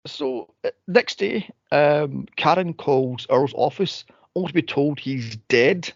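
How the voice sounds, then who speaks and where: A man co-hosting a podcast, recapping a movie in casual chat with an exasperated, animated manner. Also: a little high, slow, creaky, no room sound. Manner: exasperated, animated retelling with frequent exclamations. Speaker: podcast co-host. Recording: dull, lo-fi dry recording.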